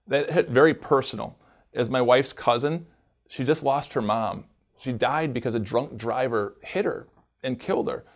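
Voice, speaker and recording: A man speaks earnestly and with emphasis, stacking up statistics before he introduces a sermon. His voice sits at an ordinary middle pitch. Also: moderate pace. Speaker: program host.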